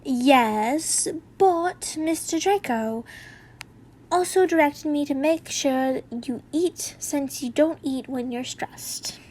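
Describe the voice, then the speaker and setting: A woman's voice: sits high, slow, a little mellow, poor audio. A woman reading a fanfiction aloud and voicing Ted, an eager young boy waking his father.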